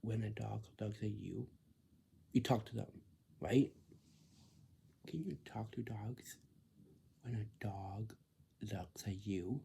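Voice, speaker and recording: A man giving advice in a casual, repetitive monologue, slipping between hushed whispers and loud, emphatic bursts. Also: fairly low pitch, takes it slowly, vocal fry, long pauses, slight background noise.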